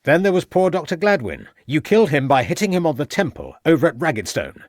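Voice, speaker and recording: A man's voice: medium pitch, big pitch swings, normal speed, dry recording, studio quality, lightly acted. A man voicing a stern police inspector who questions firmly and with threats.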